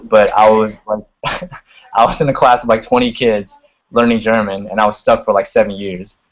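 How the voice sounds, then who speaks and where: A man's voice: lowish voice, little pitch movement, moderate pace, poor audio. A young man chatting casually as a guest on a video call, full of "like" and "you know", swearing freely. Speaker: guest singer and rapper.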